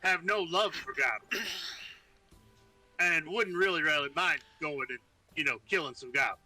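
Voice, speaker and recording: A man's voice: fairly high pitch, moderate pace, bright, forceful tone, faint music behind, low-quality recording. A man voicing an adventurer raised among goblins who talks in an earnest, coaxing way. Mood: persuasive.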